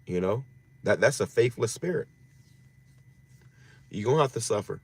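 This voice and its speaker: Man, lower register, religious teacher giving a loose, slangy scripture talk with lots of restarts. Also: lively intonation, normal speed, husky. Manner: slangy, repeats phrases, frequent restarts.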